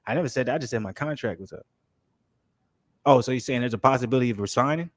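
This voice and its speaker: A man co-hosting a casual podcast chat, explaining things in a rapid, emphatic way. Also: mid-range voice, no room sound. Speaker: podcast co-host.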